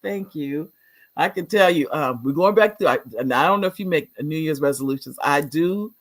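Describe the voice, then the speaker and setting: A woman's voice: low voice, normal speed. A middle-aged woman hosting a casual live talk show, chatty and rambling as she reads viewer comments, laughing often.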